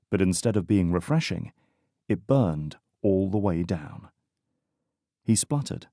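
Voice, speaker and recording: Reading a romantic suspense audiobook, a man narrates from a script in a measured, even manner. His pitch is fairly low, and the recording is studio quality with no room sound.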